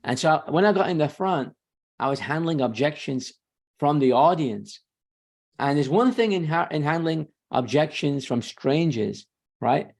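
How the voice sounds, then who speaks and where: Gravelly self-assured man. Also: fairly high pitch, lively intonation. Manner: confident, emphatic, quick self-corrections. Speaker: real estate sales trainer. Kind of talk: guest talk on a sales webinar.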